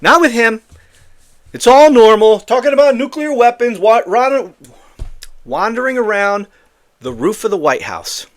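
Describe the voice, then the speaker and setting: A man hosts a political commentary show, ranting in a heated and exasperated way with frequent swearing. His voice sits high and swings widely in pitch, full of indignant emphasis. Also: expressive, measured pace, long pauses.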